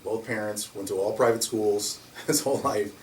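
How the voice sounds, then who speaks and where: A man who runs a security company, telling stories in an animated way and laughing often as he talks. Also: on the low side, moderate pace. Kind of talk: conversational storytelling. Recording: roomy, distant mic, faint noise.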